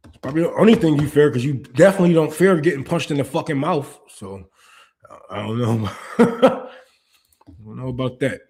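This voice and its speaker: A man's voice: mid-range voice, animated, brisk, darkish tone. A man hosting a political commentary stream, ranting with profanity and rhetorical questions. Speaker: podcast host.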